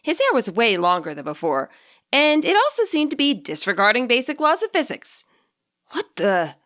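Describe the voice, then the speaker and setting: A woman narrating a fan story aloud, with an expressive reading style. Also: sits high, a little fast. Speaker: narrator and channel host.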